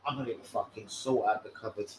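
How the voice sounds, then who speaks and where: A young man hosting a football stream, swearing and bantering loudly in street slang. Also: on the low side, fairly even intonation, fast talker, a little hiss or hum, rough recording. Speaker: football fan channel host. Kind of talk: live stream chat.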